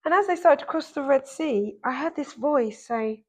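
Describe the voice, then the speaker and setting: A woman with a fairly high voice tells her own story as a podcast guest. She speaks animated and emphatic, and she acts out the voices she quotes. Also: normal speed, few pauses. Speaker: podcast guest, dancer and author. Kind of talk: personal storytelling in conversation.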